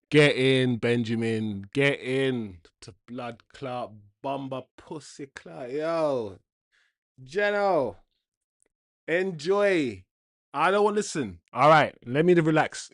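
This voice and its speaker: A young man streaming a live football watchalong, talking to viewers in slang and swinging between mutters and loud outbursts. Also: medium pitch, no room sound, clean studio sound. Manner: loud swings from groans to shouts, slang-heavy.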